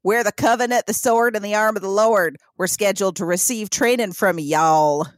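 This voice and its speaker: Woman doing a cocky male militia leader, thick Missouri drawl, gruff and folksy, dry close sound. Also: medium pitch, moderate pace, no echo, close to an everyday voice. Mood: swaggering.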